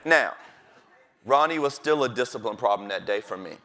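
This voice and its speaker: A middle-aged man, a teacher, telling stories from his classroom with lively delivery and acting out the voices of kids and his principal. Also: medium pitch, normal speed. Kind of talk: storytelling talk.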